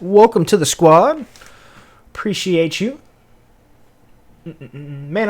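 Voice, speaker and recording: A high-pitched, slightly mellow male voice carries a Southern Tennessee accent. While working on a livestream, he chats casually, welcomes viewers, and mutters and hums to himself in a relaxed manner.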